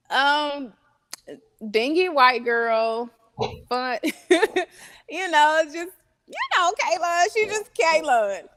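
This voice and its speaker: A woman as an interview guest, chatting casually, laughing often and answering slowly with fillers. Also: sits high, animated, a bit bright. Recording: long reverb.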